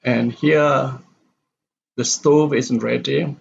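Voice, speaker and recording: Speaking extremely slowly with vocal fry, a man with a mid-range voice and fairly even intonation teaches word stress. He reads example sentences aloud and then explains which words take the stress. The audio is lo-fi and dull, with faint noise in the background.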